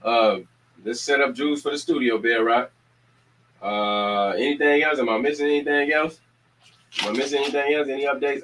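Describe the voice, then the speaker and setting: Energetic man rallying his community. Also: medium pitch, moderate pace, a little hiss or hum, poor audio. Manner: preacher-like repetition, energetic calls to action. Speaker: community organizer and show host. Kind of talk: casual community announcements.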